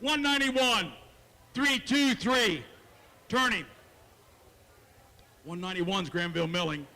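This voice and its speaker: A man working as a livestock auctioneer at a county fair, chanting bids in a fast rhythm and joking folksily with bidders. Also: high voice, bright, forceful tone, big-room sound. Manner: folksy, jokes with bidders and kids. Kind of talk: rapid auction chant and announcements. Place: county fair show arena.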